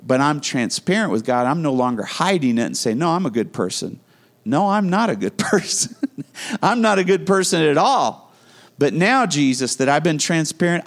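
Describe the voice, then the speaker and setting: A man preaching a sermon, earnest and emphatic, slowing down to stress key phrases and repeating them. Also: fairly high pitch, creaky. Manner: earnest preaching with dramatic slowdowns and emphatic repetition. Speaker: pastor.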